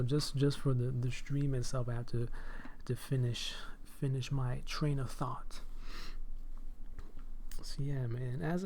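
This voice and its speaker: A man's voice: fairly high pitch, creaky, background noise. A man hosting a live stream and podcast in casual chat, effusive, often repeating "hey" and "my dude" and laughing between phrases.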